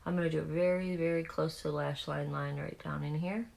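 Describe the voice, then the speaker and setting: Low-voiced chatty Southern woman. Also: fairly even intonation, brisk, creaky, a little mellow. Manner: rambling, candid, with many fillers and restarts. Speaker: beauty vlogger. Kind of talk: casual chat while doing makeup.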